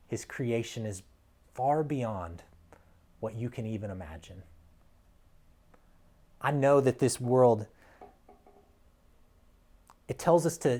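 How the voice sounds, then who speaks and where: Male pastor, mid-pitched voice, earnest sermon delivery that swings between hushed lines and emphatic peaks. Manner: earnest, emphatic preaching with soft drops and rising peaks.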